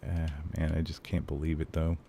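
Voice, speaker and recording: Low gravelly man ranting on stream. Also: monotone, a little fast, dark tone. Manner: swearing, ranting, frequent fillers. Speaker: game streamer. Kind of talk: casual live-stream chat.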